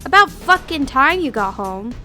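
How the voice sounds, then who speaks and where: A woman's voice: high voice, brisk, faint music behind. A woman doing a swearing, furious young man. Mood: angry shouting. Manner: shouting, swearing, dismissive. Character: angry young man, foul-mouthed and scornful.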